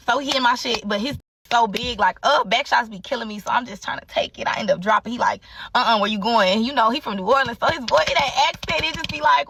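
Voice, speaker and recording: A woman's voice: medium pitch, a bit bright, distant mic. Young woman spilling a story, chatty and cussing, kinda off-mic. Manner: candid, profane, chatty with filler. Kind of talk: casual storytelling.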